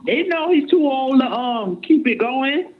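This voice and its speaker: A woman's voice: high-pitched, expressive, measured pace. A woman from Jamaica calling in to a radio show, chatting in a gossipy, opinionated way. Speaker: caller. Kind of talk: casual phone call-in. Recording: tinny phone line.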